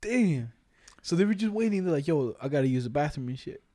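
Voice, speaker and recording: This is a young man joking with a friend in casual chat, loose and slangy, who often repeats his buddy's lines back to him. His voice sits a little higher than usual and has a warm, mellow tone. The sound is close and dry. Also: lively intonation, brisk. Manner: joking, slangy banter, echoes the other speaker's lines.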